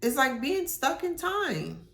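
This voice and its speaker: A woman's voice: high voice, sing-song, slow, creaky, fairly bright tone, echoey room. A woman doing a casual tarot reading, musing aloud in slangy speech with sudden exclamations. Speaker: tarot reader.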